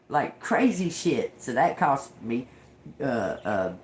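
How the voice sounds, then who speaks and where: A middle-aged woman hosting a livestream angrily recounts a personal story, ranting with heavy cursing. Her voice is extremely low-pitched, and the recording carries a roomy echo with a little hiss or hum.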